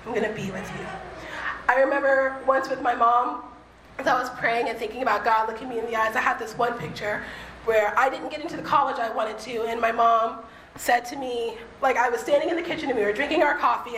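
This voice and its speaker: High-voiced woman, earnest faith talk. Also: fairly bright tone, a little hiss or hum. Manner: earnest, conversational, slows for emphasis. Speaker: speaker. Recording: echoey room with faint ambience.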